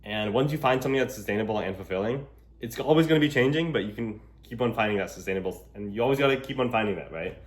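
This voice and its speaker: A man's voice: lowish voice, fast. A young man talking casually to a handheld camera while walking in public, rambling with lots of fillers. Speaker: vlogger. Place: outdoors in public. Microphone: gimbal camera held while walking.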